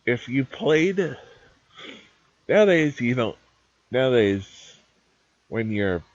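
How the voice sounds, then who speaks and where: A man's voice: medium pitch, big pitch swings, slow pace, no room sound. A man streaming live, chatting casually and rambling through opinions while he games. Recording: dull lo-fi dry stream mic.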